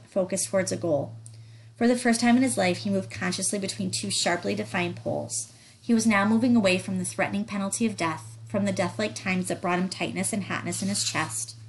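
A woman narrating a literary audiobook, reading the descriptive prose in a measured, even way. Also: mid-range voice, poor audio.

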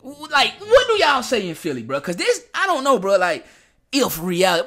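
Animated slangy man reacting on camera. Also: very high-pitched, moderate pace. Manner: animated, slangy, talks straight to viewers. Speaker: reaction video host. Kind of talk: casual reaction commentary.

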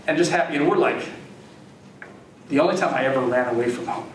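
A man's voice: mid-range voice, brisk, pauses often. An older man from the Chicago area giving a lecture, telling anecdotes in a conversational, self-deprecating way. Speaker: guest lecturer. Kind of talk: storytelling lecture. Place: lecture hall. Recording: echoey hall from far off, faint hiss.

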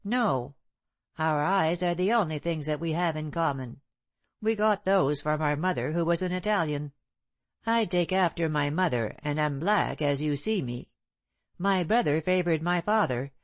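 A woman reading the part of a proud, bitter gentleman who speaks in a sneering, clipped way. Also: sits low, moderate pace, dry recording. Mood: scornful. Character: proud bitter middle-aged gentleman, scornful.

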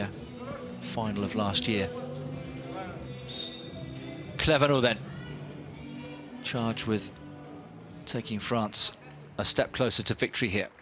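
A man giving live play-by-play commentary on a volleyball match, lifting his voice on big points. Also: on the low side. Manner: animated, rising with big points. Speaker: sports commentator.

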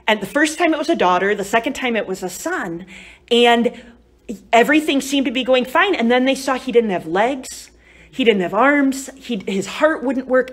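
Speaking live to a group at a retreat, a woman tells stories in a chatty, conversational style, frequently adding "right?" and "you know?". Her voice is fairly high-pitched with a fairly bright tone.

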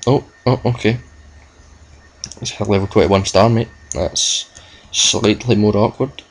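A man's voice: fairly low pitch, steady tone, a little slow, poor audio. A young man giving rambling, self-mocking commentary over a video game playthrough, cursing at the game now and then. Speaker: gamer. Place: at home with a laptop.

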